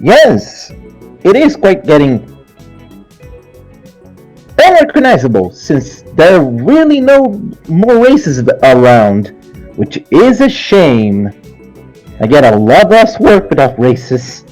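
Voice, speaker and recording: A man voicing an emotional male robot servant who is devoted to his boss and talks in a slow, tearful way. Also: fairly high pitch, huge pitch swings, darkish tone, soft background music, full character voice, poor audio. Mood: polite.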